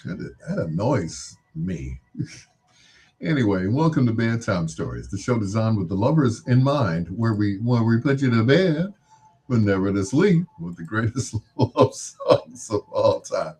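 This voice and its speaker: A lively-voiced man hosting late-night radio with a low, husky tone. He teases, laughs at his own jokes and rolls through shout-outs in easy DJ patter. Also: normal speed. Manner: playful, laughing asides, mock-imitates other DJs. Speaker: radio show host.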